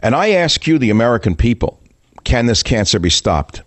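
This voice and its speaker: An older man hosting a political talk radio show, delivering a fiery, rhetorical monologue with sudden high-pitched outbursts, close to a studio mic. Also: very animated, moderate pace, no room sound.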